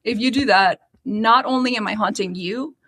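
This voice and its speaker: A woman's voice: medium pitch, moderate pace, bright, forceful tone. Woman cohost ranting on a podcast, snarky, swears a lot, laughs between lines. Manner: sarcastic, swearing, laughing rants. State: waiting for an edible to kick in. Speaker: podcast co-host. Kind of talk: casual podcast banter.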